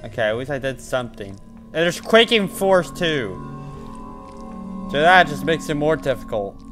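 A man commentating his own horror game playthrough, muttering to himself between sudden panicked shouts. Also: fairly high pitch, big pitch swings, measured pace, faint music behind. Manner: mutters to himself, then yelps and shouts when scared. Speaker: gaming channel host.

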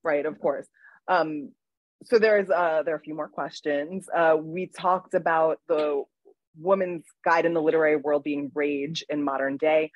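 A woman's voice: low-pitched, fairly even intonation, unhurried, no echo. Chatty woman interviewer, dull dry sound. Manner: chatty, laughs easily, hesitant with fillers. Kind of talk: casual interview conversation.

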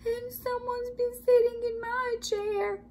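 A woman voicing a small boy bear cub in a storybook tale, high, slow and wailing. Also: flat delivery, a little mellow, a little hiss or hum, full character voice.

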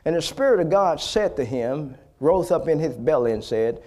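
Fervent high-voiced male preacher. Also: animated, normal speed, few pauses. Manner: fervent, repetitive, builds to loud exhortation. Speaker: pastor. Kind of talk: sermon.

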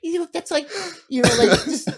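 A man's voice: very high-pitched, a little fast. A middle-aged man, a podcast guest, telling stories casually, laughing often and swearing freely. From United States. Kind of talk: casual storytelling.

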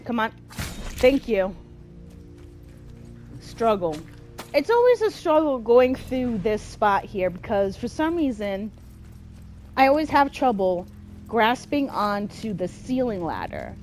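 Animated, slow-talking woman gamer. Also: on the high side, faint music behind. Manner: expressive, easily exasperated, talks to herself. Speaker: gameplay commentator. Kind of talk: casual let's-play commentary.

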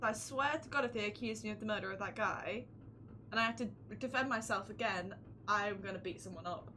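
A young woman giving excitable, exclamatory let's-play commentary as a streamer. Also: medium pitch, a little fast, slight background noise. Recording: game music behind.

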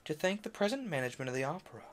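A man's voice: fairly high pitch, very animated, rapid-fire. Man reading a classic novel aloud. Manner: stumbles on French names and corrects himself; adds brief offhand asides between passages. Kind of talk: casual read-aloud narration.

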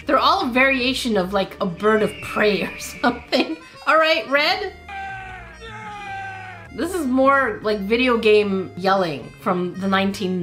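A woman hosting a gaming video, talking through mobile games in casual let's-play commentary and reacting aloud with laughs and quick exclamations. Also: mid-range voice, fairly bright tone.

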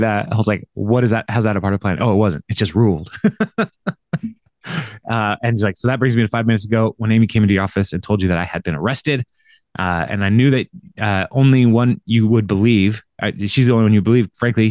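A podcast co-host with a lowish voice casually recaps an episode at a brisk pace, rambling with lots of fillers and laughter. The recording is dry and studio quality.

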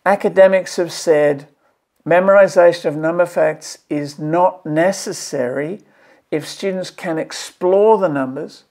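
Here the same kind of delivery comes at a measured pace: an Australian man who teaches maths fronts a video series with heartfelt, frustrated commentary to camera. Slightly mellow and fairly high, his voice keeps pleading through repeated phrases.

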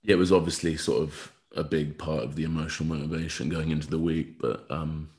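A man's voice: extremely low pitch, level tone, fairly quick, darkish tone. A young man, a rugby player, chatting casually as a podcast guest and rambling with lots of filler words. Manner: rambling, full of fillers like "sort of".

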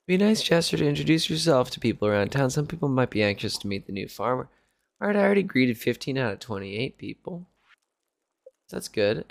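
A man casually commentating as he plays a video game, joking, swearing and thinking out loud. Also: mid-range voice, creaky. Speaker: game streamer. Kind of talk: casual Let's Play commentary.

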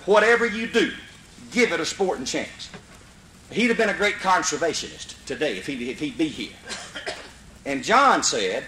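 A man with a Mississippi accent telling a folksy comic story, animated and prone to loud hollers. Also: a little high, moderate pace, slight background noise, low-quality recording. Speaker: comedian storyteller. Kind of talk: live comedy storytelling.

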